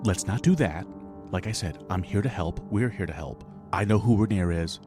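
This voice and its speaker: A man playing a tabletop game, speaking in character in a persuasive, smooth-talking way. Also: low-pitched, normal speed, music in the background. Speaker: player. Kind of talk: in-character tabletop role-play.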